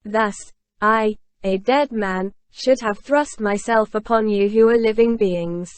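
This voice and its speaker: A woman's voice: medium pitch, takes it slowly, no echo, natural voice. A woman reading the part of a remorseful aging former convict, in a solemn, anguished confessional manner.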